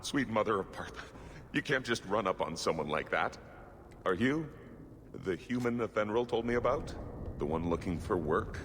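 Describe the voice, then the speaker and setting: A jumpy, flustered game figure who scolds people for sneaking up on him. His low voice swings up and down with lively pitch. It plays through game audio with a long echo and a faint hiss. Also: moderate pace. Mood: startled. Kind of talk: video game voice acting.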